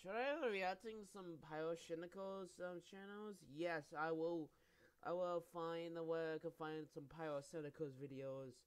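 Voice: medium pitch, fairly even intonation, moderate pace, clear, resonant tone. A gamer casually commenting on play, rambling, swearing often and phrasing things clumsily, on a slightly muffled lo-fi recording.

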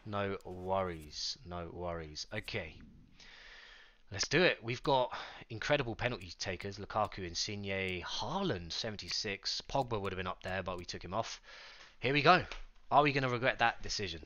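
A young man streaming a football game live, chatting excitedly with viewers and reacting to the match. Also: lowish voice, moderate pace, highs cut off. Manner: excitable, chatty, greets chat by name.

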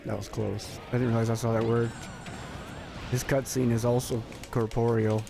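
A man with a raspy voice giving excitable, jokey live commentary as he plays, breaking into sudden yelps. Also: mid-range voice, normal speed, noisy background. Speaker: streamer.

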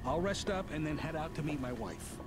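A man's voice: a little high, lively intonation, brisk, lightly acted. A man voicing an exhausted, shaken male survivor in a video game. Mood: weary.

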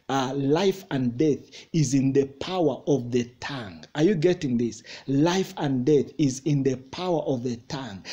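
A man preaching a sermon as a pastor, repeating his lines and rising to excited emphasis, with a laugh between lines now and then. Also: on the high side. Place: church hall.

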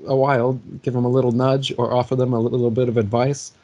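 A man in his forties recounting a personal anecdote in casual conversation, animated and laughing often. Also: mid-range voice, quick pace, dull audio. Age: 40s.

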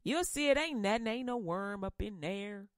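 A woman's voice: medium pitch, animated, normal speed, no echo, studio quality. A woman podcast host retelling a Bible story comically, playful and preachy.

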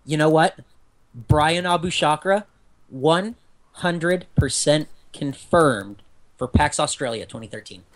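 A man co-hosting a podcast, excitable and teasing in casual chat. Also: a little high, slow. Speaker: podcast co-host.

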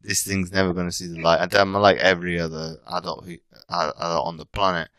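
A very low-pitched British man in his thirties, chatting casually as a podcast guest. He rambles and keeps restarting his sentences. The sound is dry and close, with no room echo. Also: lively intonation, fast talker, vocal fry, fairly bright tone, smooth. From Britain. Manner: rambling, frequent restarts and self-corrections. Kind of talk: casual interview chat.

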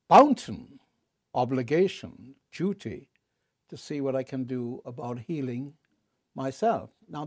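A man in a candid interview, a wry and animated storyteller who jumps up in pitch for punchlines and drops low and quiet on serious confessions. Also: no room sound, studio quality. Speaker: interview guest.

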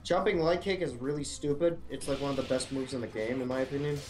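A man commentating a fighting-game match casually, coaching and explaining moves, quick to yell at big plays. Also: mid-range voice. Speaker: esports commentator.

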